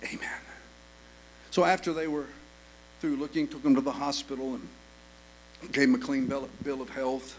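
A man preaching a sermon, repeating phrases and building to loud, emphatic calls with frequent "uh" fillers. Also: medium pitch, flat delivery, normal speed, long pauses, slight background noise.

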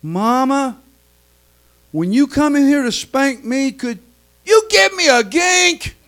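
A stubborn three-year-old boy in lisping baby talk pleads at bedtime, as a man preaching puts on the voice. The voice sits very high and squeaky with a gravelly rasp underneath. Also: expressive, takes it slowly, fairly bright tone, exaggerated voice. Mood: sly pleading.

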